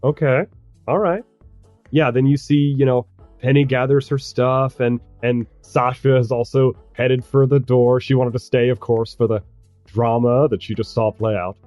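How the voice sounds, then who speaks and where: A man's voice: mid-range voice, steady tone, a little mellow, no room sound, faint music behind. Chatty man running a tabletop game. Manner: chatty, halting, laughs often while narrating. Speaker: game master. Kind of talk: narrating a tabletop role-playing game.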